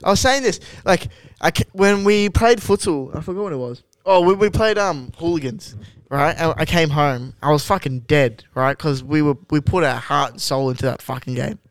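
A man's voice: a little high, moderate pace, no echo. A young man, telling a rambling story with plenty of swearing in casual chat among mates. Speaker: podcast co-host.

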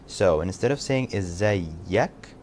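A man with an Egyptian accent giving a casual podcast language lesson, loosely chatting and repeating phrases slowly for learners. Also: deep voice, a little mellow, a little hiss or hum. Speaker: language teacher.

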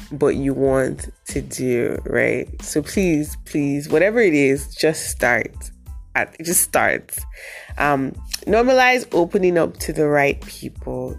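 Low-voiced woman hosting a motivational podcast. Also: gravelly. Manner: animated, jumps to high excited pitch when acting out reactions. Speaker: podcast host. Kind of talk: casual motivational podcast talk.

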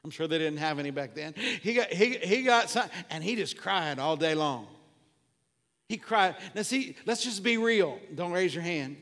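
A male pastor preaching a sermon with passion, repeating refrains and building up to shouts. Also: fairly high pitch, lively intonation, moderate pace, long reverb tail. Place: church sanctuary.

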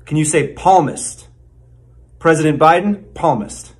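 A man doing a mock lesson for children, slowly spelling out made-up words like a patient teacher. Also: a little high, lively intonation, a bit bright. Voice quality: slow, exaggerated teacher-like enunciation. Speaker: comedy sketch narrator.

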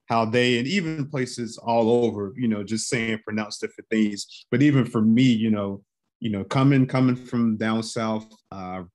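A man from North Carolina hosting a podcast, relaxed and folksy in casual conversation. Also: fairly low pitch, normal speed. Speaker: podcast host.

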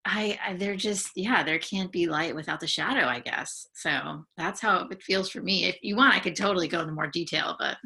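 A woman from the San Francisco Bay Area, a podcast guest speaking candidly in a halting, emotional way with frequent restarts. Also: fairly low pitch, creaky, sharp tone, breathy edge. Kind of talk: candid conversational sharing.

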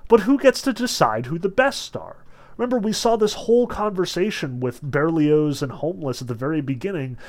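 Guy lecturing on a novel, chatty and loose, keeps saying notice, reads bits out loud. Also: fairly high pitch. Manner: chatty, lots of "like" and "notice", reads passages aloud. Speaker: literature lecturer. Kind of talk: casual lecture reading aloud from a novel.

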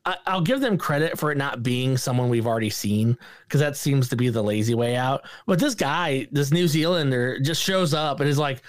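A man's voice: mid-range voice, expressive, moderate pace, no room sound, studio quality. A man co-hosting a podcast, casually reviewing a movie with sarcastic remarks and silly impressions of its characters. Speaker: podcast co-host.

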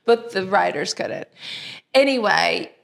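Woman, comedian from Illinois, podcast guest, bubbly playful chat, casual swearing, mid-pitched voice. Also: expressive, slow, creaky, a bit bright. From Illinois, USA.

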